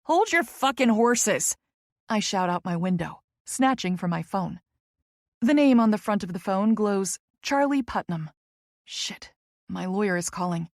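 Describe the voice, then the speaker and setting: A woman's voice: mid-range voice, animated, a little slow, gravelly, a little mellow, no echo, studio quality. A woman narrating a first-person romance audiobook in a wry, conversational way.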